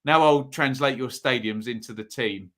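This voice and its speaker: A man hosts a live football watchalong from home, chatting loosely to his viewers. His voice is bright and forward, and his talk wanders, full of ums and quick self-corrections. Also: mid-range voice. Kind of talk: casual live-stream chat. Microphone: phone or desk mic at a home setup.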